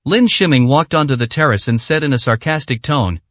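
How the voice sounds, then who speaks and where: A man narrating a serialized web novel aloud with an even, steady read and the odd slip. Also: medium pitch, brisk, no echo. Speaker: audiobook narrator.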